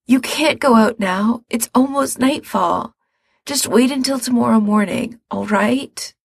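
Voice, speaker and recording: A woman reading aloud, voicing a sick young man who rasps hoarsely and pleads in weak, half-whispered lines. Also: on the high side, a little slow, no echo, clean studio sound, pitched above the performer's own voice, full character voice. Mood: pleading. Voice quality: raspy, hoarse. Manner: weak, often near-whispered pleas.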